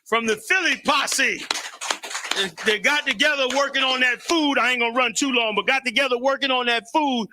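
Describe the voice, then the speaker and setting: A man hosting a live talk show, talking with energetic, preacherly fervor and shouting out to guests. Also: extremely high pitch, moderate pace, noisy background. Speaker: show host.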